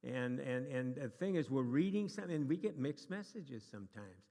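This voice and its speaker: In a church meeting room, a man with a mid-range, dark-toned voice gives a casual lesson to a live group at normal speed. He's animated, chatty and joking, restarting his sentences often. The recording carries the long reverb of a hall.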